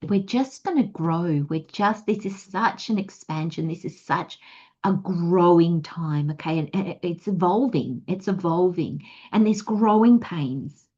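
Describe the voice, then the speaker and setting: An Australian woman talks through a tarot reading in a loose, rambling way and now and then acts out the thoughts of her listeners. Her voice is mellow and relaxed and sits at an ordinary pitch. The recording is a little dull and muffled. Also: unhurried. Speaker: tarot reader. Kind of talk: casual spiritual guidance talk.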